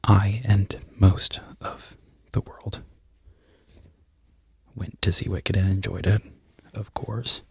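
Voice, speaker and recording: A man in a whispered ASMR ramble who loses his train of thought and laughs softly at himself. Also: lowish voice, flat delivery, takes it slowly, breathy edge, no room sound. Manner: mostly unvoiced whisper. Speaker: crochet content creator.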